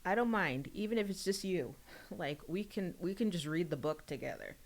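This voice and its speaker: A young woman, an author, chatting casually on a livestream about her book, giggly and rambling, with sudden high excited bursts. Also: normal speed. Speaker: author streaming a book reading.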